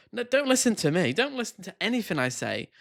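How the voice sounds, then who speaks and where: Brief: a man doing a sarcastic, whiny excuse-maker, pitched up and sing-song. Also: sing-song, normal speed, vocal fry, a bit bright, heavily acted. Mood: mocking. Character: whiny woman making excuses, mocked.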